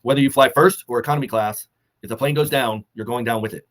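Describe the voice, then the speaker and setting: A man co-hosting a fitness talk, delivering earnest, measured motivational advice and holding back emotion. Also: medium pitch, fairly bright tone. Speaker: co-host of a fitness summit talk.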